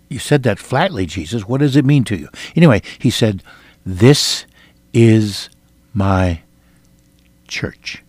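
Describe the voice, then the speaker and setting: An older man from Iowa preaching a sermon, telling a personal testimony with earnest, dramatic swings between loud and hushed delivery. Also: fairly low pitch, no room sound. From Iowa, United States.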